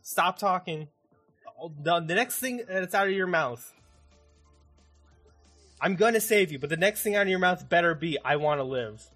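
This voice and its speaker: A man's voice: sits high, lively intonation, normal speed, pauses often, pushed and bright, soft background music, heavily acted. A man doing a brash young pirate captain. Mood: fierce. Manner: blunt, profane, insistent.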